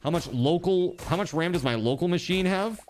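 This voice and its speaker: A man's voice: high voice, animated, a little fast, darkish tone. Chatty male game streamer, faint background noise. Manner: chatty, talks to chat, trails off and restarts. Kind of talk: casual live-stream chat while gaming.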